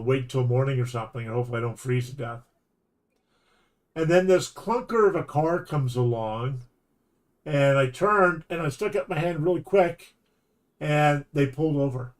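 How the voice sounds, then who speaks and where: A Canadian man streaming a game, telling a long rambling story with false starts and laughs. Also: mid-range voice. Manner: rambling, animated anecdote with restarts and laughs. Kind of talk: casual storytelling while gaming.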